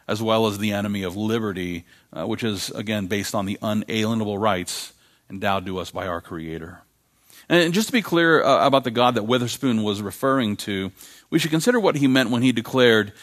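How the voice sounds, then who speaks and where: A man preaching a sermon as pastor, emphatic, repeating key phrases and slowing down to read quotations aloud. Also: fairly low pitch, a bit bright. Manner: frequent fillers and restarts.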